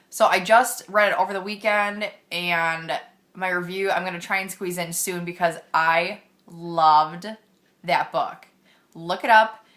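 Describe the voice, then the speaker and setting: A young woman chatting casually to her camera about books, gushing and bubbly and full of fillers. Her voice sits a little low for a woman. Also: fairly bright tone. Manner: gushing, enthusiastic, lots of fillers. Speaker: book vlogger. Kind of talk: casual chat.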